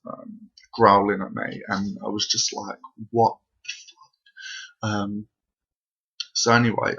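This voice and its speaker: Speaking to camera from his bedroom, a young man shares a spooky personal story in a breathless ramble stuffed with fillers. The vlogger's lowish voice is bright and forceful with a breathy edge, and the home recording sounds dull and lo-fi.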